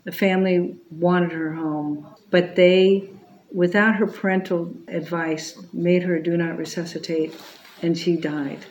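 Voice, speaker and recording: Earnest middle-aged nun giving testimony. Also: female voice, on the low side, steady tone, measured pace, a little mellow, dull audio, slight background noise. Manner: earnest, storytelling with emotion. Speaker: Catholic religious sister and pro-life speaker. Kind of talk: personal testimony talk.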